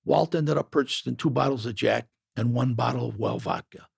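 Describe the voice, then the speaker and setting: A man's voice: medium pitch, brisk, vocal fry, husky, no room sound, studio quality. A man narrating a first-person memoir in a gritty, matter-of-fact way.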